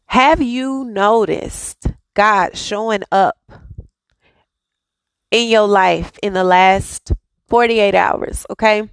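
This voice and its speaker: A woman's voice: mid-range voice, slow, creaky, no room sound. A woman hosting a daily devotional, speaking with fervent, repetitive affirmations and casual asides to her listeners. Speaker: devotional host.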